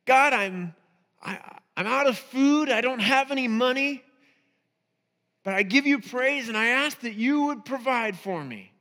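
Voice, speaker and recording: A man voicing a devout, poor little old woman who speaks slowly, loudly and fervently in a sermon story. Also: extremely high pitch, long reverb tail, voice pushed up, exaggerated voice. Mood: pleading. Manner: slow, loud and fervent.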